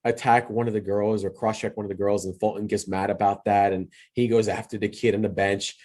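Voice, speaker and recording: Rambling mellow-voiced man reviewing a movie. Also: lowish voice, flat delivery, brisk. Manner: rambling, retells scenes loosely with many restarts; earnest and sentimental. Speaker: podcast host. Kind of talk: casual solo movie review.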